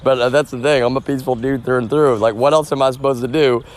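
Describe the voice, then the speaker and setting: A man's voice: mid-range voice, fairly even intonation, fast talker. A man streaming live outdoors on a phone, rambling and profane, often calling out to "y'all".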